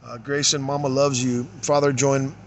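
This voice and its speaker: Halting father reading case notes aloud. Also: medium pitch, little pitch movement, slight background noise. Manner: halting, many fillers, trails off quietly. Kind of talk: reading documents aloud with commentary.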